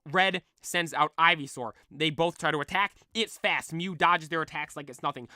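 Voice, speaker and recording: A man's voice: on the high side, moderate pace, few pauses, bright, forceful tone, no room sound, clean studio sound. A man casually reading a comic aloud, chatty and loose, adding his own commentary as he goes. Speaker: comic reader. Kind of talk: casual comic read-along.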